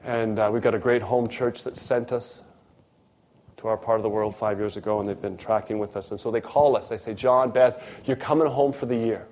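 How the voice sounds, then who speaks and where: A middle-aged man preaching a sermon, telling a personal story with lively swings between loud emphasis and hushed, quiet asides. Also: on the low side, a little fast.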